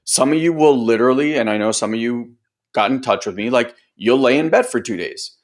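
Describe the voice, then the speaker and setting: A male host and personal growth coach talks through a casual group training session in a loose, rambling, brisk way. He swears now and then, leans on fillers like "like" and "right," and slips into other people's voices when he quotes them, his voice at an average pitch for a man.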